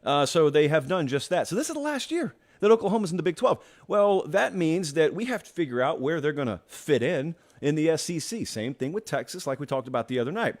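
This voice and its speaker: A man's voice: a little high, sing-song, a little fast, few pauses. A man hosting a college football show, giving opinionated solo commentary in a conversational way, posing rhetorical questions. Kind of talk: solo sports talk commentary.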